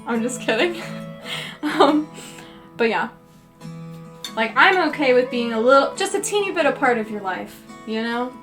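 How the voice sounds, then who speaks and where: Young woman, high voice, chatty and rambling, lots of fillers; casual livestream talk over faint folk guitar. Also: expressive, a little slow, pauses often. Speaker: livestreaming painter. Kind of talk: casual chat while painting on a livestream. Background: soft guitar folk music.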